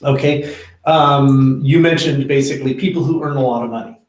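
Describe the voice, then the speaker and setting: A man leads a relaxed Bible study, thinking out loud with plenty of ums and restarts. His voice sits in the middle range and carries a noticeable room echo. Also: medium pitch, moderate pace. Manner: conversational, many fillers and restarts. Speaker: pastor leading a Bible study. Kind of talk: informal Bible teaching with discussion.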